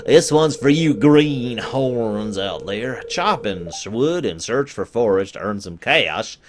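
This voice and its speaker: A man's voice: medium pitch, expressive, slow pace, noisy background. A man voicing a folksy male country TV host who gives farming tips in a hearty, drawling manner.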